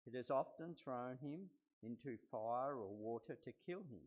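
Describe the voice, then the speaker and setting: A man's voice: medium pitch, expressive, a little slow, muffled recording. A man reading as a desperate pleading father.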